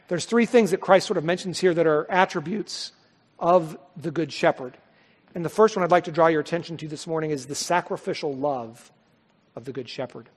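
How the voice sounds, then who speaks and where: A man preaching a sermon as pastor, earnest and dynamic, with dramatic pauses and rising swells. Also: a little high, long reverb tail.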